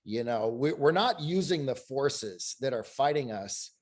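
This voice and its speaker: A man's voice: mid-range voice, animated, a little slow, darkish tone. A man on a panel telling stories, acting out the people he quotes. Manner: storytelling, acts out quoted dialogue. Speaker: panel guest. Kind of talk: anecdotal panel discussion.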